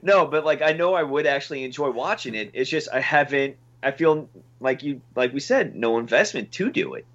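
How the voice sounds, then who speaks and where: A man's voice: medium pitch, animated, brisk, fairly bright tone. Hesitant man on a slightly dull podcast recording. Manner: hesitant, restarts sentences. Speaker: podcast co-host. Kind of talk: casual chat.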